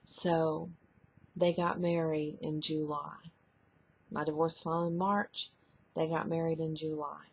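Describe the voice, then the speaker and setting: A middle-aged woman tells her own story to the camera in a halting, soft-spoken way, often trailing off mid-thought. Her voice sits low and carries a gravelly, husky texture. She takes her time, pausing between phrases. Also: level tone. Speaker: person sharing a personal testimony. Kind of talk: personal testimony to camera.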